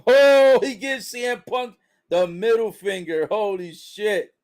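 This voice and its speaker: Calling the moves of a wrestling broadcast as they happen, this man speaks at a slow pace in a high-pitched voice. He swears often and keeps bursting into excited exclamations.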